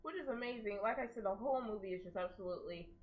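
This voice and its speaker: Young woman, casual chat, animated storyteller, mid pitch, muffled lo-fi sound. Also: rapid-fire. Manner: animated, acts out characters in quotes. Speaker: co-host discussing a film. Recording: dull lo-fi sound.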